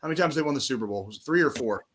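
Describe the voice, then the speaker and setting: A man in his forties, a podcast co-host, talking football in casual chat, profane and animated, on a call mic. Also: medium pitch, very fast, slightly rough. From United States. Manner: profane, animated sports ranting.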